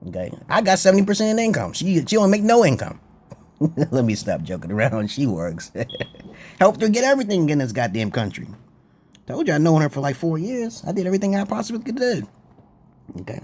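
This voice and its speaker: A man's voice: on the high side, very animated, a little fast, darkish tone. A man talking to camera in a rambling, crude, boastful monologue, laughing often. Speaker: vlogger.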